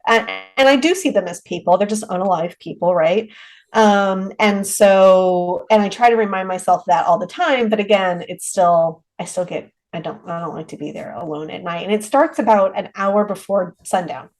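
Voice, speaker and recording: A middle-aged woman talking as a podcast guest in a relaxed, rambling way, with many restarts and trailing clauses. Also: medium pitch, moderate pace, poor audio. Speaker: haunted rental owner, podcast guest. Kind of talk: casual interview chat.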